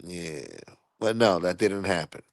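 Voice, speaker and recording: A man's voice: sits low, measured pace, dry recording. A man hosting a channel, telling stories in a laid-back, rambling, crude way. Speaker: channel host. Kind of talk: casual storytelling commentary.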